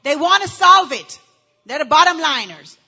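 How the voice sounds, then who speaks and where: A woman pastor teaching a church audience about marriage, animated and acting out how people complain. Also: sits high, normal speed, vocal fry, muffled recording.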